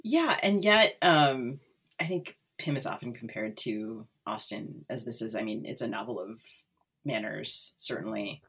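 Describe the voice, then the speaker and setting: A woman co-hosting a casual book discussion, speaking thoughtfully with frequent pauses and fillers. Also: a bass voice, fairly bright tone, slightly rough. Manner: thoughtful, hesitant, many fillers.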